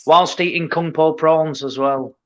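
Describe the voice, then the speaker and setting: A man's voice: on the high side, fairly even intonation, unhurried, a bit bright, muffled recording. A man hosting a casual boxing podcast, blunt and sweary as he runs through nominations. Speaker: podcast host.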